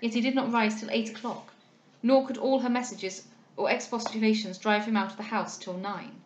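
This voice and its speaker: A woman reading a classic novel aloud, in a measured, steady narration. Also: on the high side, slight background noise. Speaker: audiobook reader. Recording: roomy echo.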